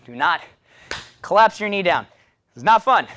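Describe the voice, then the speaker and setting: A taekwondo instructor leads a follow-along workout, his fairly high voice jumping up and down as he coaches. He talks in a chatty way, throws in self-deprecating asides, and is breathing hard from the exercise. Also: very animated, normal speed, sharp tone. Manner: counts kicks aloud in Korean, coaching between sets.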